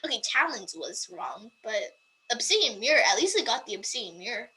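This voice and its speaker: High, lively woman dictating aloud. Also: low-quality recording. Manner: slow, deliberate dictation broken by amused asides. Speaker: vlogger. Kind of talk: dictating a book excerpt to voice typing.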